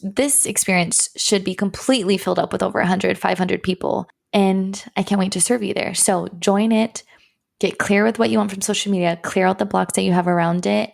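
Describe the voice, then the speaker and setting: A young woman hosts a podcast on her own. She speaks in an upbeat, encouraging way, and vocal fry runs through her mid-range voice. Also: mid-range voice. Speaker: podcast host and healer. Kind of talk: solo podcast monologue.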